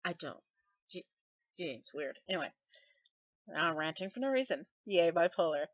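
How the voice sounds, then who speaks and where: A woman's voice: lowish voice, lively intonation, normal speed, no room sound. A Scottish woman talks into her webcam in a loose, rambling way, full of sarcastic, self-deprecating asides. Her voice often gets taken for a man's. The sound is dull and dry, like a cheap home webcam mic. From Scotland. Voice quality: voice others mistake for a man's. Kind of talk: casual webcam vlog, rambling.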